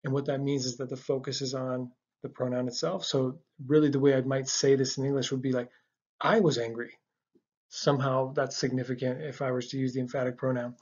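A man's voice: medium pitch, level tone, fast talker, hardly any pauses, a little mellow, lo-fi sound. A man explaining a language lesson over slides, patient and step by step, with frequent ums and restarts. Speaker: language teacher. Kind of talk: casual slide-based lesson narration.

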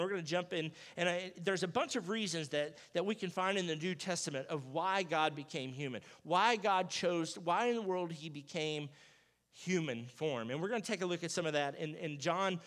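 A man in the role of pastor, giving a casual, conversational sermon, acting out Bible dialogue in a lively, jokey everyday voice. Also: fairly high pitch, fairly quick. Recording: church sanctuary with long reverb.

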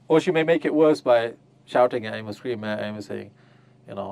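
A man's voice: medium pitch, fairly quick, vocal fry, darkish tone, no echo. Man teaching, quizzing his audience. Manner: questions the audience, acts out voices of mothers. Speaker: Islamic teacher. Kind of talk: interactive religious lecture. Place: on a group pilgrimage tour.

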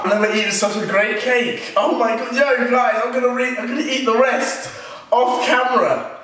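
A man hosting a comedy vlog, excitable and exaggerated, swearing freely. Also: high-pitched, moderate pace. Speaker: YouTube host. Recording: echoey room, distant mic, background music.

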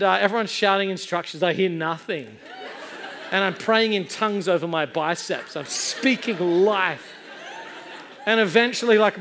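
A middle-aged male pastor preaching a sermon, telling a story with animated, self-mocking comedy. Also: sits high. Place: church service before a laughing congregation.

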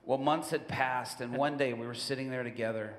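A male guest preacher tells a story in short, animated phrases, stopping after each so it can be translated. His voice sits in the middle range, neither low nor high. The sound rings out with the long reverb of a big hall. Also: fairly quick. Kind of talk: sermon storytelling with a live interpreter.

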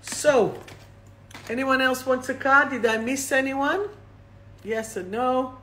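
On a live phone or webcam stream, a woman serves as host and oracle card reader. Her high, bright, clear voice moves at an unhurried pace, with a slight hiss or hum in the audio, and she reads each affirmation slowly before repeating it.

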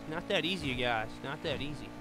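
A man's voice: medium pitch, fast talker, over loud music. A man streaming a racing game, chatting with viewers and friends and exclaiming often. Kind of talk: live gameplay commentary.

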